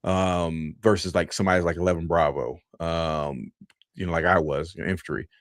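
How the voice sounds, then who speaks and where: Male podcast host, low and dry, laid-back rambling storyteller. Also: fairly even intonation, normal speed, no echo. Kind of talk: casual storytelling.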